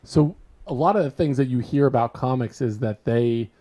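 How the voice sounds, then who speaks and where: A man's voice: mid-range voice, mellow. Male host, mid-range voice, playfully grandiose interviewer. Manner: mock-grand teasing, halting. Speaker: podcast host. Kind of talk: interview questions in casual chat.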